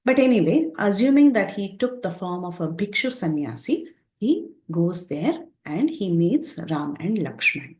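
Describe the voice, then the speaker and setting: Animated woman retelling scripture, echoey room. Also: fairly low pitch. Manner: animated retelling with quoted dialogue. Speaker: teacher of scripture. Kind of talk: storytelling scripture lesson.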